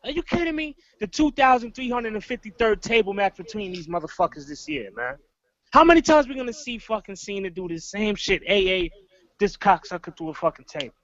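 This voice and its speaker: A man's voice: sits high, brisk, a bit bright, no room sound. A man co-hosting a wrestling review, ranting in exasperated, profane casual talk. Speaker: wrestling show co-host. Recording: dull lo-fi recording.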